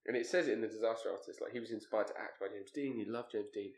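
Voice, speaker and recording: A man's voice: lowish voice, fast, roomy sound. A man chatting casually on a podcast, rambling with many "like"s and restarts. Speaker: podcast co-host. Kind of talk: casual chat.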